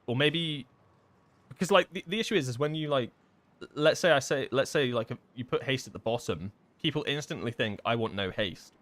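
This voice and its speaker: A man's voice: medium pitch, fairly quick, fairly bright tone. A man live-streaming a game, chatting casually and thinking aloud, full of fillers and restarts as he answers chat questions.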